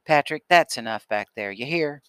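A man's voice: mid-range voice, moderate pace, a bit bright, dry recording, lightly acted. A man voicing a stern rural father, curt and firm.

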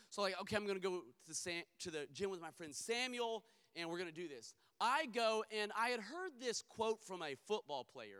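A man's voice: high voice, sharp tone, clean tone. A middle-aged man preaching a sermon, emphatic and rhythmic, slipping into humorous personal storytelling. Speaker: pastor.

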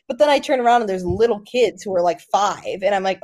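A young woman hosting a podcast, telling a travel story in an animated, laughing way. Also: mid-range voice, brisk, few pauses. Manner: animated, laughing, dramatic retelling. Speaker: podcast host. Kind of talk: casual storytelling chat.

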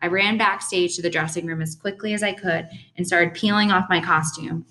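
A young adult woman reading a first-person audiobook in a steady, earnest storytelling manner. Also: fairly low pitch, a little fast, rough recording. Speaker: audiobook narrator.

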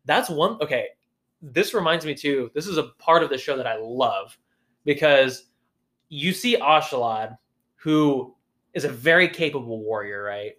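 A man co-hosting a podcast in casual chat, lively, breaking into raised voices when he quotes characters. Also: medium pitch, unhurried. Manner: animated, acts out quotes in a raised voice. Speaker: podcast co-host.

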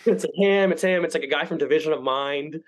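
A young man tells a rambling story at a rapid clip, peppered with profanity. He jumps between his own lines and other people's, acting out each quote as he goes. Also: on the high side, poor audio. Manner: rambling, profane, animated quoting. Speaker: podcast guest. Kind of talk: casual storytelling.

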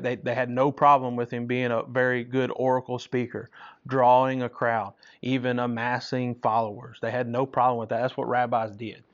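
This Bible study leader, a man with a mid-range voice, teaches in a conversational way and keeps asking "right?" after his points to check in with his listeners. The recording is lo-fi and dull.

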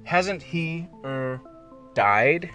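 Brief: startled young boy who stammers, put on by a man reading a storybook, raised pitch. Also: lively intonation, extremely slow, sharp tone, faint music behind, exaggerated voice. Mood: hesitant. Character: flustered young English schoolboy.

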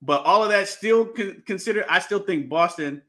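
A man's voice: high-pitched, moderate pace, sharp tone. A man hosting a casual sports podcast, talking with many fillers and restarts and laughing often. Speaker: podcast host.

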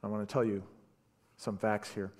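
A man preaching a sermon, retelling a story with animated delivery and stammered repeats. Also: fairly low pitch, moderate pace. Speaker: pastor.

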